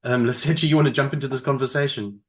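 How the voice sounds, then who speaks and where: A man's voice: mid-range voice, fairly even intonation, fast. A man hosting a group video call, playful and teasing in a casual chat. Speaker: host of an online group session.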